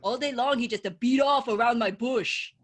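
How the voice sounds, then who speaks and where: A woman's voice: on the high side, moderate pace, close to an everyday voice. A woman voicing her immigrant mother, who speaks broken English with a heavy accent and nags in exasperation. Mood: exasperated.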